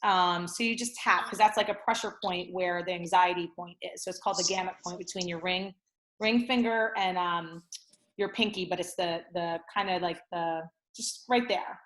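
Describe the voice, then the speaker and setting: A woman's voice: on the low side, steady tone, normal speed, fairly bright tone. A woman guest explaining something in casual chat, tagging her sentences with "like" and "right?", heard over a video call. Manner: chatty, many "like" and "right?" tags. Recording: roomy video call audio.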